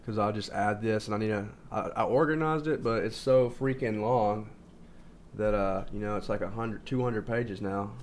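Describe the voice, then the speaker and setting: A man's voice: on the low side, normal speed, slight background noise. A man talking casually in a rambling self-help monologue, full of fillers and restarts. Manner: informal, says "like" constantly. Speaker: video host.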